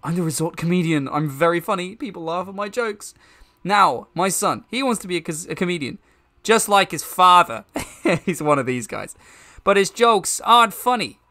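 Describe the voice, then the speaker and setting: A man's voice: high voice, animated, normal speed, bright, forceful tone, voice pushed up. A man doing a pompous old male comedian. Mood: boastful. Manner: pompous and blustery. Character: blustering older male resort comedian, a sorrowful father.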